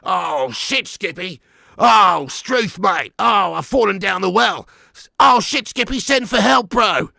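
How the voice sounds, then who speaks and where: A man putting on a frantic Australian football manager who shouts slang in a raised voice. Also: fairly high pitch, animated, normal speed, vocal fry, few pauses, dry recording, clean studio sound, voice pushed up, exaggerated voice. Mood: panicking. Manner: exaggerated Aussie slang, loud and frantic.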